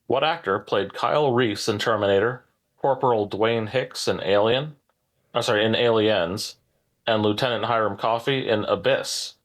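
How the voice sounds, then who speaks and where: A man hosting a pub-style trivia podcast, reading questions in a measured, deliberate way with dry asides. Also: lowish voice. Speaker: trivia quiz host.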